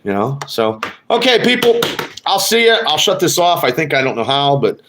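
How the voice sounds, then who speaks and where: A man's voice: fairly high pitch, sing-song, normal speed, fairly bright tone. A man hosting a casual live sports podcast, rambling and swearing as he trash-talks rival fans. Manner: rambling, profane, trash-talking. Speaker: podcast host. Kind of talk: casual live-stream chat.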